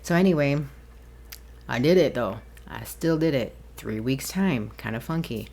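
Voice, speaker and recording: Woman, low pitch, casual solo podcast, chatty, rambling, laughing between thoughts. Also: unhurried, long pauses, a little mellow. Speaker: podcast host.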